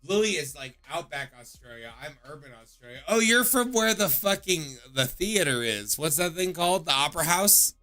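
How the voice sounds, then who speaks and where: A man's voice: a little high, animated, moderate pace, few pauses, bright, forceful tone, soft background music. Loose, profane man hosting a call-in stream. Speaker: call-in show host. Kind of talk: casual chat on a call-in stream.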